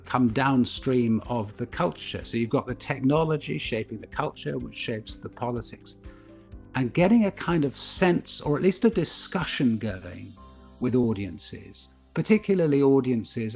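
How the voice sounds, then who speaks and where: A middle-aged broadcaster speaking thoughtfully in a Q&A, with an anecdotal manner. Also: male voice, mid-range voice, gravelly. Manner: thoughtful, anecdotal, animated when telling stories. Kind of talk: reflective speaker Q&A.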